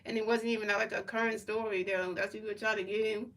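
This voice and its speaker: A woman's voice: medium pitch, little pitch movement, quick pace, a bit bright, distant mic, poor audio. A woman streamer in casual chat, rambling and repeating herself as she answers her chat. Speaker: livestreamer.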